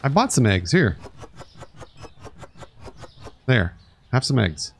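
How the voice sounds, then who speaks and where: A man's voice: medium pitch, very animated, normal speed, vocal fry, a little hiss or hum. Sarcastic, swearing man streaming a game. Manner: sarcastic, grumbling, swears often; talks to chat and customers. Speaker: streamer playing a store sim. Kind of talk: casual live-stream commentary.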